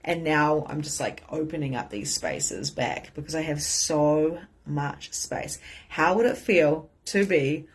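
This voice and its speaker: A middle-aged woman, a spiritual coach, talking casually to her viewers in an animated way, often laughing and swearing. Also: low-pitched, slow, few pauses, husky. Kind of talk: casual livestream talk to viewers.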